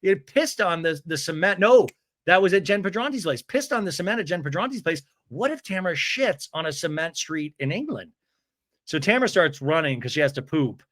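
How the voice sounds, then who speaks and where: A man hosting a comedy recap podcast, his fairly high voice bright and ringing as it swings up and down with every quip. He races through the story with crude asides and acts out each quote in a high, mocking voice. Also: expressive, fairly quick. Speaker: podcast host recapping a reality show.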